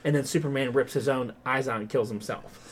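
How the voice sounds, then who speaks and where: A man hosting a podcast, retelling a story in a rambling, animated way, with lots of "like" and "um". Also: medium pitch, a little fast. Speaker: podcast host. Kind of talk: casual podcast chat.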